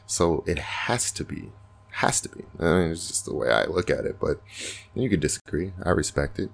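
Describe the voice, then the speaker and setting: A man's voice: sits low, animated, normal speed, gravelly. A man hosting a podcast, talking earnestly and reflectively in a casual spiritual monologue. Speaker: podcast host.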